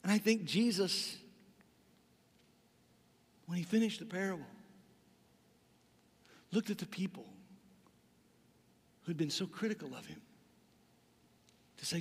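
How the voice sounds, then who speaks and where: A man's voice: sits high, lively intonation, slow pace, vocal fry, long pauses, husky, in a large hall. A man preaching a sermon as pastor, telling a story with dramatic delivery and acting out the voices in it.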